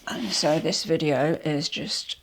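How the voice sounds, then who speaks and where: A woman talks to her viewers from home in a casual, rambling way, apologising often. Her voice is nasal from a cold and a little out of breath, with a gravelly fry running through it. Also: deep voice, slow pace, a little hiss or hum. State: has a cold, a bit out of breath. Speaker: vlogger. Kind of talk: casual unboxing chat. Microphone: small microphone.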